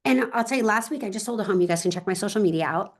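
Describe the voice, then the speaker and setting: Animated woman real estate agent. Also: mid-range voice, racing. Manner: animated, emphatic, talks straight to listeners. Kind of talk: interview, energetic storytelling.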